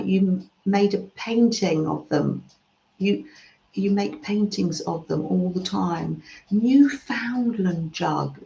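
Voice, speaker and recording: A woman talks slowly and softly, murmuring "mm" between thoughts as she reads out chat on a relaxed craft stream. Her voice sits at a middle pitch. The sound is roomy and a little dull, as if recorded in a home craft room. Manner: soft-spoken, murmurs "mm" often, trails off mid-sentence. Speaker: craft live-stream host reading chat. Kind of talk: slow, gentle chat while crafting.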